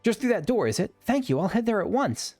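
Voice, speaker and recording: A man's voice: high-pitched, big pitch swings, a little fast, darkish tone, soft background music, pitched above the performer's own voice, heavily acted. A man voicing an earnest sixteen-year-old boy from a video game, an aspiring adventurer who is polite and a little nervous. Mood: eager. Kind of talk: reading game dialogue aloud.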